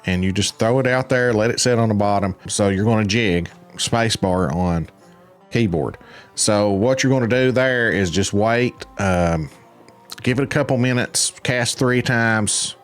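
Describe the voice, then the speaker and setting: Slow, laid-back man with a low voice. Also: soft background music. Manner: laid-back, rambling, with frequent fillers. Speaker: game guide host. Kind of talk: casual gameplay commentary.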